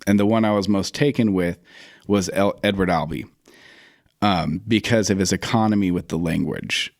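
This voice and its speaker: A man's voice: low voice, normal speed, no room sound, studio quality. A man speaking as a guest writer and theater director in a casual interview, telling stories and acting out his own past remarks as he goes. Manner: reflective storyteller who acts out his own past remarks.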